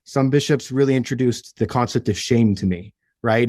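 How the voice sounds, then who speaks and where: A man's voice: mid-range voice, a little fast, hardly any pauses, darkish tone, dry recording, studio quality. A young man, a podcast guest, telling his own story earnestly and emotionally, often restarting his sentences. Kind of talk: personal story in an interview.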